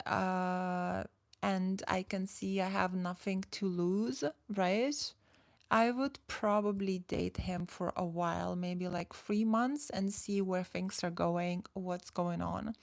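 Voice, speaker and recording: A woman's voice: mid-range voice, creaky, no room sound. A woman in her forties, a dating coach, talking casually to her viewers and reading their chat messages, with lots of "like" and restarts. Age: 40s. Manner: chatty, full of "like" and restarts, reads chat aloud.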